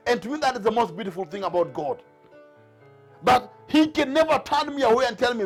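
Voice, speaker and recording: A man's voice: very high voice, lively intonation, a little fast, faint music behind. A man preaching a sermon to a Bible class, driving his points home with repeated rhetorical questions. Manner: emphatic, repetitive rhetorical questions.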